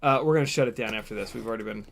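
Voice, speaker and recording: A man hosting a casual live stream as an FPV drone pilot, excitable and jokey, swearing and laughing as he flies. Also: on the low side, very fast, vocal fry. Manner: excitable, exclaiming and swearing while flying.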